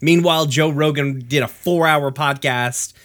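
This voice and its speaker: A man's voice: a little high, moderate pace, fairly bright tone. A man co-hosting a casual podcast, ranting with heavy swearing. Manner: profane, ranting.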